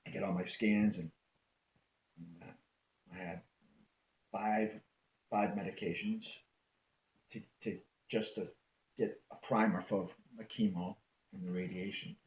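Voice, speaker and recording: A man with a fairly low voice tells his own story in an interview. He is animated and acts out the back-and-forth as he recounts it. The recording has a noticeable roomy echo. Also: unhurried, pauses often. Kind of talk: personal storytelling.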